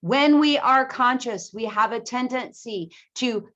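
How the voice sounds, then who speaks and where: A woman teacher giving a presentation to other teachers, with a clear, emphatic teaching voice and lively intonation. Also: on the high side, measured pace, dull audio. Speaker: ESL teacher.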